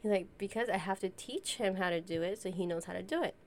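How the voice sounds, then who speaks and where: A woman's voice: mid-range voice, quick pace. A young woman and mother of two co-hosting a casual podcast, joking and laughing often. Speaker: podcast co-host. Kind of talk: casual chat.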